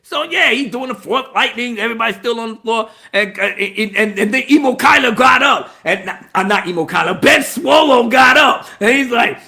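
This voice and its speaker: A man giving a casual, profane spoiler movie review, talking in an animated way and laughing often. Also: very high-pitched, normal speed, gravelly, few pauses.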